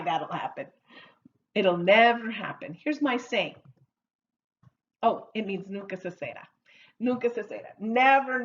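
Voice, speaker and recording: A woman teaching English idioms in a slow, repetitive lesson, playfully drawing out each phrase for learners to repeat. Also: medium pitch, dull audio. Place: Oregon.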